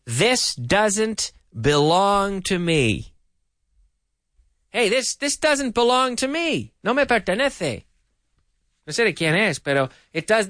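Male radio English teacher, upbeat and expressive, drilling phrases slowly, dry studio mic. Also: high-pitched, no echo. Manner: animated, repeats each sentence slowly for learners. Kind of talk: radio language lesson.

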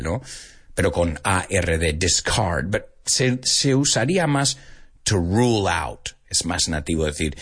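A man hosting a radio English lesson with a slightly husky voice. His pitch rises and falls a lot as he chats with listeners, and he drops in quick Spanish asides. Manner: chatty, animated, mixes in Spanish asides. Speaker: radio show host and English teacher. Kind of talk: casual on-air English lesson.

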